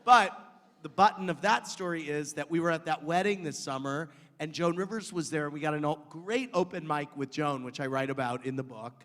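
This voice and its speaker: A man telling rambling, animated anecdotes in an onstage conversation. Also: fairly high pitch, brisk, long reverb tail. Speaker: author being interviewed.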